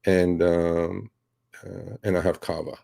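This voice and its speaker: A middle-aged man with a low, gravelly, mellow voice answers a question about his trading. He talks casually and bluntly, getting animated and swearing at times. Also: slow pace. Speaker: trader.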